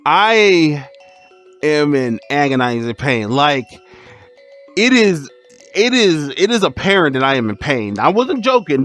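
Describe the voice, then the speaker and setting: A man with a fairly high, lively voice tells a storytime for his stream, bouncing up and down in pitch as he laughs and exclaims. Faint music plays behind him. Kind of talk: storytime vlog.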